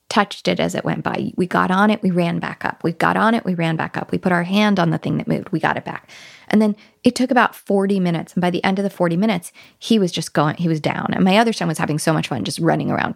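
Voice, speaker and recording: A woman's voice: fairly low pitch, vocal fry, no room sound, studio quality. A woman giving parenting advice in a casual podcast conversation, telling stories with animation and acting out playful talk with children. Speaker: parenting guest expert.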